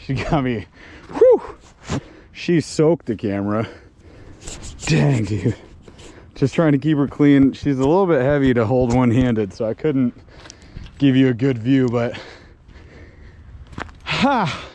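A man vlogging from a lake shore while fishing, talking to viewers in bursts of loud exclamations and laughter. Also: medium pitch, unhurried, long pauses. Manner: breathless, exclaims loudly, laughs and talks to viewers. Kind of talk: excited on-the-water fishing vlog. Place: outdoors by a small lake.

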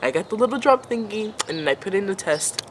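A woman's voice: mid-range voice, animated, fast, a little hiss or hum. A young woman in her late teens telling a casual storytime vlog, rambling and filling nearly every phrase with "like" and "um.". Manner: rambling, filler-heavy, says "like" constantly. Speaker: vlogger.

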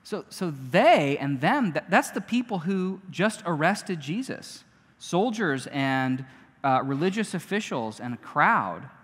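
A man preaches a casual, conversational sermon, slipping into quick acted-out lines. His fairly high, bright voice swings widely in pitch. It rings with the long reverb of a church hall. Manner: conversational, animated, acts out quotes. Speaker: pastor.

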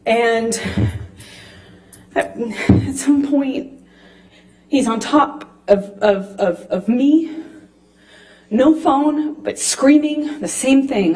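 A woman giving courtroom testimony, speaking haltingly with frequent restarts and pauses. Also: sits high, dark tone. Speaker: witness.

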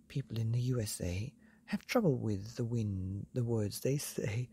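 A woman reading a rhyming story aloud at bedtime, soft and half-whispered. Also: extremely low pitch, measured pace, husky. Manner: soft, half-whispered, sing-song rhyme.

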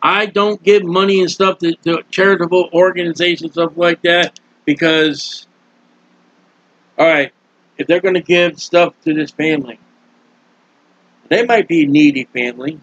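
A man's voice: steady tone, normal speed, pauses often, fairly bright tone. A man preaching a sermon in a folksy, scolding way. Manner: folksy, scolding, acts out quoted voices. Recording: dull, dry, low-fidelity recording.

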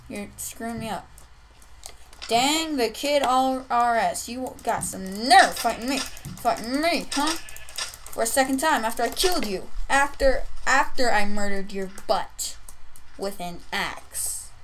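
A young woman commenting on her own gameplay, playfully trash-talking other players and shouting in bursts. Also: on the high side, slight background noise, rough recording. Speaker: gaming youtuber.

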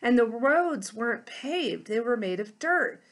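Woman deacon reading a kids' story, slow gentle storytelling, kinda high voice. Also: lively intonation. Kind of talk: children's story and lesson.

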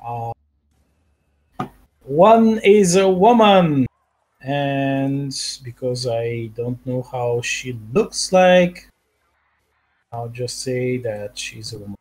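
Slow, halting game master man. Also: mid-range voice, darkish tone. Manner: slow, halting narration with many fillers. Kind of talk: narrating a tabletop game over voice chat.

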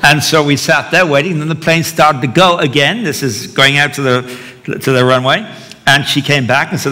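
A man's voice: on the high side, normal speed, bright, forceful tone. A man preaching a sermon, telling a story with wry humor as he teaches. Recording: long hall reverb.

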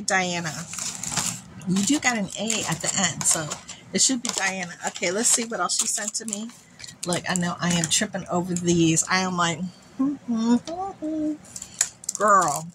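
A woman beauty vlogger unboxing friend mail, gushing and excitable, calling her viewers "girl". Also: medium pitch, background noise.

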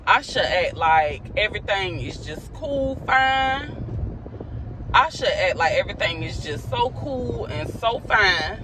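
A woman's voice: mid-range voice, animated, slow, background noise. A woman venting in a ranting vlog, her voice swinging widely up and down as she gets worked up. She sounds exasperated and profane, talking into a phone from inside a car. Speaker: vlogger and mother. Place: parked car.

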